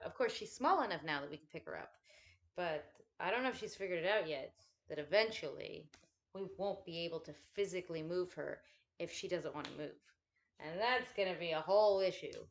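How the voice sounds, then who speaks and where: A woman's voice: on the low side, fairly quick. A woman chatting casually at home while folding laundry, rambling and swearing freely with self-deprecating asides.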